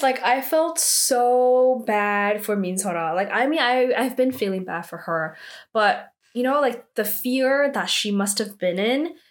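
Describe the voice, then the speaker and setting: A woman casually recapping a TV drama episode, chatty and animated, with lots of fillers and acted-out quotes. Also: fairly high pitch.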